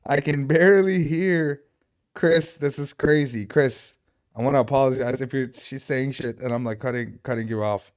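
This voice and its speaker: A man's voice: mid-range voice, normal speed, a little mellow. A man hosting a livestream, talking casually and joking, swearing freely. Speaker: livestream host. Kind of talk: casual live commentary.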